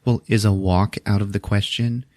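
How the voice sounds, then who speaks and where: A man voicing an upset young college woman who talks in a flat, irritated way. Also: lowish voice, normal speed, no room sound, clean studio sound, natural voice.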